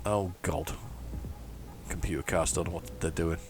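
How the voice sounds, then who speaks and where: A man's voice: sits low, fairly even intonation, measured pace, gravelly, music in the background. A man giving chatty, mock-heroic commentary while playing a driving game. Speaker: gaming channel host. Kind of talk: casual gameplay commentary.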